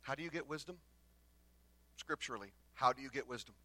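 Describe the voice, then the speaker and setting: A man's voice: mid-range voice, expressive, a little fast, dry recording. Dynamic male pastor preaching a sermon. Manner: dynamic preaching that swings from loud bursts to hushed lines; acts out the exchanges between the prophets in their own voices.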